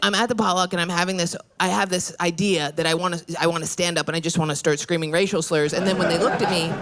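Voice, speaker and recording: A woman's voice: lowish voice, fairly even intonation, quick pace, a crowd in the background, noisy background. A woman from New York state doing a stand-up comedy set in a brash, crude, self-deprecating way. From New York state, USA. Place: comedy stage.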